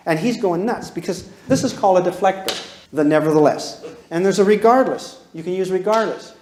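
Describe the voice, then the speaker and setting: A man giving a live parenting lecture to an audience, animated and joking, acting out little dialogues with big swings in pitch and volume. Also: a little fast, slight background noise. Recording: roomy hall echo.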